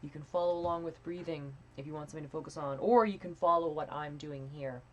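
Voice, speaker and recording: A young woman coaching a live voice training lesson in a casual, chatty way, swearing freely and demonstrating breathy and pinched sounds. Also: sits low, quick pace, lo-fi sound, a little hiss or hum.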